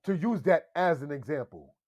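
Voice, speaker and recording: A man teaching Hebrew in a slow, deliberate lesson style, often checking in with "all right?" and calling his viewers family. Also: a little high, expressive, a little mellow, no room sound, studio quality. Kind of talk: slow screen-share language lesson.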